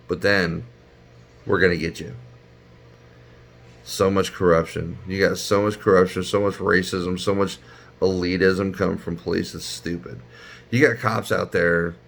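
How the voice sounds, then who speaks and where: A man delivering an angry, profane commentary rant, his voice climbing to near-shouts. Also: deep voice, gravelly. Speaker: YouTube commentator. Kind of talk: ranting commentary.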